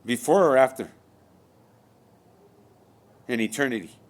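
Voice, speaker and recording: A man's voice: mid-range voice, measured pace. Man preaching in profane rhetorical questions. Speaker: spiritual speaker. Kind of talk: rambling spiritual monologue.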